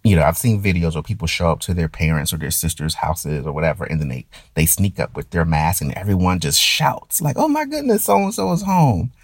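A very low-voiced man with a gravelly, husky edge, speaking in a dry, close recording. He muses through a personal monologue in a halting way, stammering and circling back as he searches for words. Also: no room sound. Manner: hesitant, restarts and stammers. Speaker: performer.

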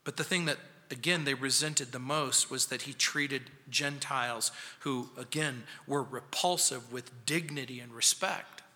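Bright-voiced male pastor preaching. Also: mid-range voice. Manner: emphatic preaching, speeding up and slowing down for effect. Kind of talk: verse-by-verse sermon. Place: church sanctuary. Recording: long reverb of a church sanctuary.

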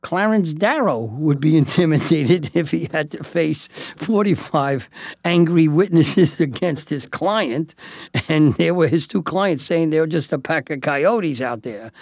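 A man, a lawyer, telling a lively anecdote with asides and voiced quotes. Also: on the high side, measured pace, no room sound, clean studio sound. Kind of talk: spoken anecdote.

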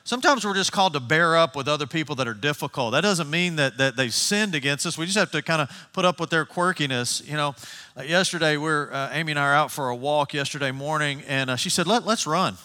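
A man preaching in a casual, storytelling way, his voice high and bright. He restarts phrases often as he talks. The sound carries a long reverb from a big hall. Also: fast talker. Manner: conversational, animated storytelling with restarts. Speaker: pastor. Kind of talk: sermon.

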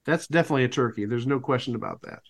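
Talking very fast in a mid-range voice, this man co-hosts a podcast and riffs through dry, wandering jokes about a vintage television broadcast, keeping the commentary loose and comedic.

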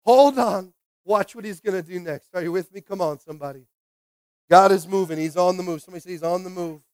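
A man preaching a sermon as pastor, repeating short phrases and calling for responses, swinging from quiet reading to loud exhortation. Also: high-pitched, fairly even intonation, quick pace, smooth, dry recording. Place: church sanctuary.

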